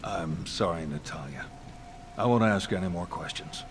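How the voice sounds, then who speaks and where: An actor playing a gruff, protective older male soldier in video game cutscene dialogue, speaking in a low, sober, apologetic way. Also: normal speed, slight background noise, lightly acted. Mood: somber.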